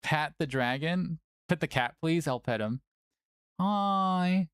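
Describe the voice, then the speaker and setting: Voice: mid-range voice, lively intonation, slow, smooth, dry recording. A playful stream host whose voice leaps up and down as they chat and coo. The sound is close and dry, with no room around it. The talk stays loose and casual between tournament updates. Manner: playful, chatty, often cooing at a cat.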